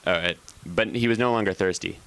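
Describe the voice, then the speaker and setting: A man hosting a morning show, reading a story aloud in a relaxed way with small slips he corrects. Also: low-pitched, brisk, vocal fry, noisy background.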